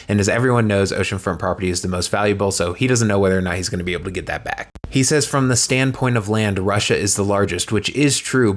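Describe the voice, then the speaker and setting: A man giving a sarcastic political commentary monologue, with dry, deadpan asides. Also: fairly low pitch.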